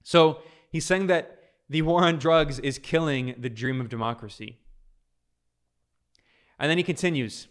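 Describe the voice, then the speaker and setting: A man's voice: medium pitch, moderate pace, pauses often. A man hosting a political commentary video, reading out a speech and explaining it, emphatic and repeating key phrases for stress.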